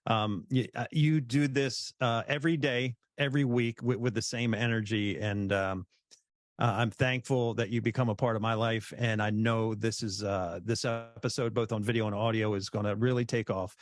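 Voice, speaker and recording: A man's voice: fairly low pitch, steady tone, moderate pace, dry recording, studio quality. A man hosting a podcast interview, thanking his guest in a courteous way and wrapping up the episode. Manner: grateful, courteous wrap-up. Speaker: podcast host. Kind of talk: casual interview talk.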